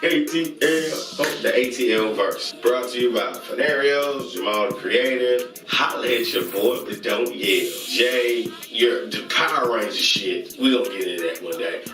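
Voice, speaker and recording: A man from hosting his channel in casual hype commentary, breaking into chanted catchphrases between quick shout-outs. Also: lowish voice, distant mic. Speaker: YouTube channel host reviewing creators. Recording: roomy sound, voice a little off-mic, loud music behind. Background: music.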